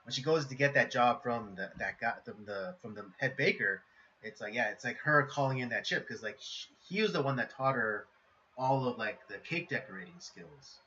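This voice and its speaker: A man's voice: mid-range voice, expressive, moderate pace, bright, forceful tone, a little hiss or hum. A man co-hosting a casual film review podcast, laid-back and leaning on "you know" and "like". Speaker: podcast co-host. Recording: dull lo-fi stream audio.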